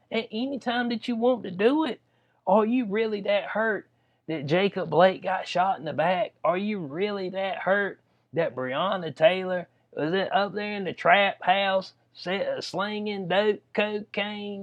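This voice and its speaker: A man's voice: high-pitched, dull audio. A man giving casual, rambling commentary on news stories, full of slang and frequent laughter. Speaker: political commentary vlogger.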